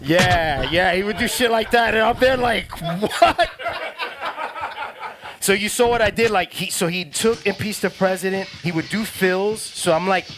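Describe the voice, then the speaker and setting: A middle-aged man, a DJ casually telling a slangy story to a workshop class, turning loud and excited. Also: sits high, moderate pace, hardly any pauses, noisy background. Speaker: DJ teaching a workshop.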